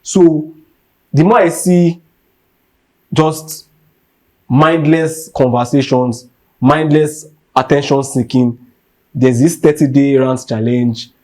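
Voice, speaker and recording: A man's voice: medium pitch, slow, long pauses, darkish tone. A young Nigerian man hosting a podcast, ranting with heat and emphasis, driving his points home by repeating them. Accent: Nigerian English. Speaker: podcast host. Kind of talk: impassioned rant.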